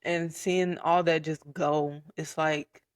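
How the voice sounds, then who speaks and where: A young man telling his personal story in a casual podcast chat, candid and soft-spoken, with frequent fillers. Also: fairly high pitch, flat delivery, takes it slowly, smooth, no echo, clean studio sound. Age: young adult. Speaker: podcast guest.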